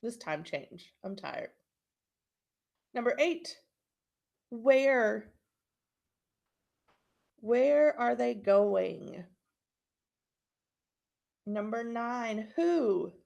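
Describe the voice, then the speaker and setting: A woman teacher talks through a recorded class lesson at an unhurried, deliberate pace. Her voice sits a little high, with a gravelly fry. She keeps checking in with "okay?". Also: expressive, a little mellow, muffled recording. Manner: slow, clear instructional delivery with frequent checks.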